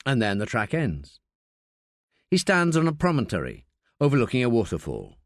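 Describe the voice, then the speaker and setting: Male audiobook narrator, measured, lively pitch, dry close studio sound. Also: dry recording. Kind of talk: scripted narration.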